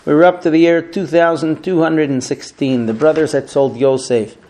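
A man teaching a history lesson, retelling the story with frequent filler pauses. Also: on the high side, steady tone, darkish tone.

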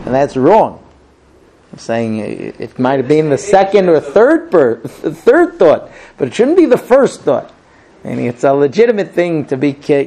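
Middle aged guy giving a torah lesson, kinda raspy fry in his voice, tells it with lots of emphasis. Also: a little high, a little mellow. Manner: storytelling, emphatic, with restarts. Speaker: Torah teacher. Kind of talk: Torah class lecture.

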